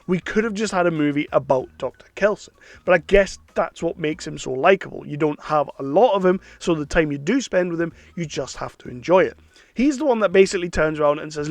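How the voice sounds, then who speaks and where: A man's voice: a little high, expressive, brisk, creaky, no echo. A man giving an enthusiastic, chatty film review, sometimes slipping into playful impressions. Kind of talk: casual film review monologue.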